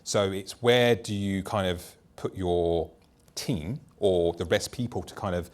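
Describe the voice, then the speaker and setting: A man's voice: sits low, normal speed. A man who founded a startup, speaking bluntly and telling stories from his own work on a conference panel. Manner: blunt, anecdotal, talks in long loose runs. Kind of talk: candid panel discussion.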